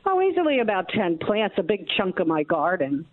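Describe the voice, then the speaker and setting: A woman's voice: mid-range voice, very animated, brisk, dry recording. Indignant woman caller on a tinny phone line. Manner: indignant, emphatic, keeps asking "okay?".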